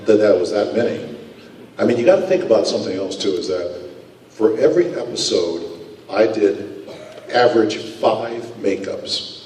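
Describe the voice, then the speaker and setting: A man, a guest actor at a convention panel, telling stories in a lively, self-mocking way and laughing often. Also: fairly low pitch, slight background noise. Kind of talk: casual panel storytelling. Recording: echoey hall from far off.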